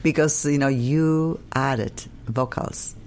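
A woman with a Polish accent, a native Polish speaker, hosting a casual interview in halting, enthusiastic English. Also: very deep voice, fairly even intonation, darkish tone, slight background noise. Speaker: host.

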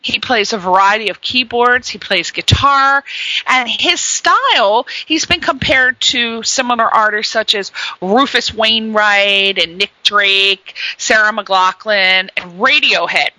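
A woman's voice: mid-range voice, unhurried, sharp tone, dry recording, poor audio. A woman hosting a radio interview, chatty and gushing, full of exclamations. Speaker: radio show host.

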